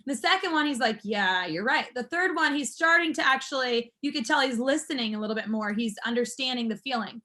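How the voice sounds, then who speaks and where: A woman's voice: high-pitched, quick pace, hardly any pauses, pushed and bright. A woman instructor teaching a class, explaining step by step in an upbeat, encouraging manner. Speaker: martial arts school instructor.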